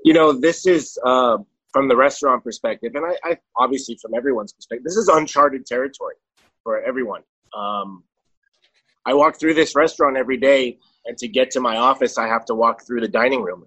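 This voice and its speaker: A man's voice: mid-range voice, fairly quick, a bit bright, husky, poor audio. A man who owns a restaurant, chatting casually as a podcast guest over a video call. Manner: chatty, laughs while telling stories. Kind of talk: casual chat.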